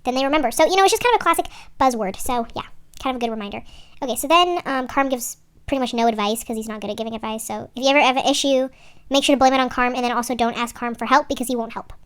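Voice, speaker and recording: A woman's voice: on the high side, rapid-fire, clear, resonant tone. A young woman, recapping a TV episode in a chatty, slangy way with rambling asides and swearing. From San Francisco Bay Area. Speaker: TV show reviewer. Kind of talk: casual recap vlog.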